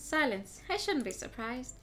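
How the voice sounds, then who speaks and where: A woman's voice: high voice, big pitch swings, normal speed, fairly bright tone, faint music behind. A woman voicing a cold, scornful noblewoman in a game, speaking with cutting contempt.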